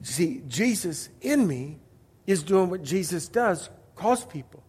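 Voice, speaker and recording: A man's voice: high voice, very animated, slow pace, darkish tone, breathy edge, in a large hall. A man preaching a sermon, emphatic and story-driven, asking the crowd rhetorical questions. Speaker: pastor.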